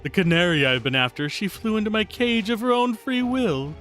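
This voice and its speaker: A man's voice: high voice, lively intonation, a little fast, fairly bright tone, soft background music, voice pushed up. A man voicing a smug, theatrical male villain who taunts in a silky, gloating way.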